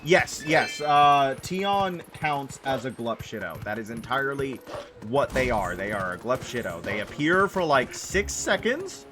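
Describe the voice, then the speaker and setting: A man's voice: medium pitch, big pitch swings, a little slow. A man chatting casually with viewers while playing a game, rambling and correcting himself. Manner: rambling, self-correcting, reassuring chat. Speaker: game streamer. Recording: game music playing under the voice. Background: game music.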